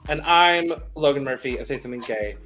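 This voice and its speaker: A man's voice: mid-range voice, a little fast, fairly bright tone. A congested man co-hosts a casual podcast, talking in a laid-back, chatty way. Faint music plays underneath. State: congested from a sinus infection. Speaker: podcast co-host. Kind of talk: casual chat.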